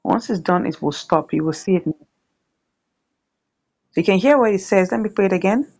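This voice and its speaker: A woman's voice: medium pitch, normal speed, a little mellow, lo-fi sound. A woman hosting a chatty screen-share tutorial, often checking in with "right?". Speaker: YouTube tutorial host.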